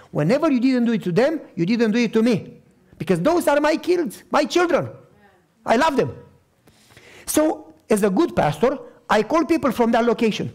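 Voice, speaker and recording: A middle-aged male pastor telling stories in a sermon, animated and acting out the voices he quotes. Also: very high voice, moderate pace. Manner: animated, acts out quoted voices, repeats for emphasis. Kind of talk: storytelling sermon.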